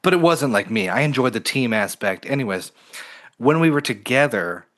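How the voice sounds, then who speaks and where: A man's voice: medium pitch, expressive, moderate pace, a bit bright. A man co-hosting a podcast, talking in a reflective, earnest way with many fillers. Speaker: podcast co-host. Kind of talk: casual conversational podcast.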